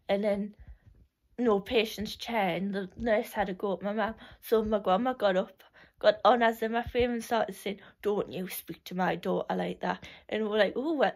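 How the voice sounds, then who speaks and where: A young woman reminiscing in a casual, rambling way, full of "like" and restarts, often laughing. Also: mid-range voice.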